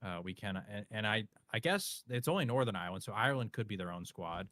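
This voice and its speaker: A man hosting a casual live stream, tossing out offhand jokes and quick banter with chat and his co-host. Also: on the low side, lively intonation, bright, forceful tone, no echo.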